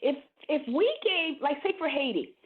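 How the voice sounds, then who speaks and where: A woman's voice: sits high, expressive, normal speed. A woman co-hosting a casual talk show, speaking animatedly and often repeating words as she starts a thought. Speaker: podcast co-host. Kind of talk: casual conversation. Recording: thin phone-line audio.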